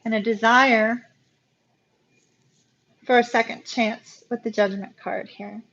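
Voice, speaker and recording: A woman giving a live-stream tarot reading, talking to viewers warmly and getting emotional. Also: fairly high pitch, steady tone, slow pace, muffled recording. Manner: emotional, talks to viewers as "y'all". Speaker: tarot reader.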